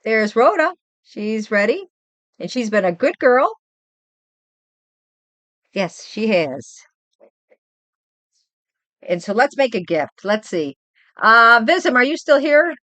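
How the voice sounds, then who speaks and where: An older woman and grandmother hosting a casual livestream chat, rambling and animated as she tells stories from home. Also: a little high, slow, pauses often, no echo. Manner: chatty, rambling, animated storytelling. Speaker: livestream host.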